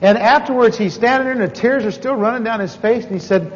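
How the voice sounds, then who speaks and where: A very high-voiced, fast-talking man tells a sermon story as a preacher teaching on evangelism. Folksy and self-deprecating, he makes many asides and restarts, recorded with dull sound and a long hall reverb.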